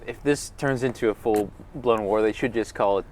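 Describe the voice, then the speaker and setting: A man's voice: fairly low pitch, normal speed. A young man co-hosting a casual podcast outdoors at a grill, ribbing his friends with wry asides. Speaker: podcast co-host. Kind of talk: casual chat while grilling.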